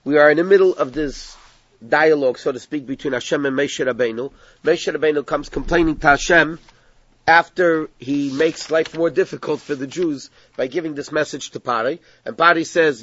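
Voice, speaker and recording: A man's voice: fairly high pitch, fairly quick, fairly bright tone, no echo. Man teaching a text study class. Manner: explains step by step, mixing in Hebrew terms. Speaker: Torah teacher. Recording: dull lo-fi recording.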